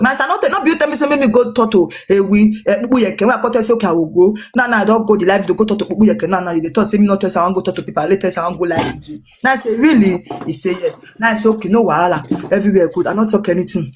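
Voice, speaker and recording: A woman speaking in a Nigerian Pidgin English accent pours out a long, rambling account at a very fast clip, circling back over the same points. She acts out snippets of what others said as she goes. Her voice sits at a middling pitch for a woman. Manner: rambling, repetitive, animated retelling with quoted dialogue. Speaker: social media personality. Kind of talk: gossipy storytelling recounting a dispute.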